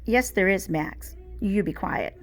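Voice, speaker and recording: A woman's voice: mid-range voice, expressive, takes it slowly, faint music behind. A woman voicing a bossy, whiny young schoolgirl in a storybook read aloud, demanding and pushy.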